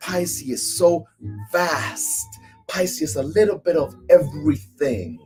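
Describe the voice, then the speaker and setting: Emphatic, lively Cuban-born tarot reader. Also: mid-range voice, slow, faint music behind. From Cuba. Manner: emphatic, repeats phrases like a chant. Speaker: tarot reader and spiritual coach. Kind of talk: live tarot reading.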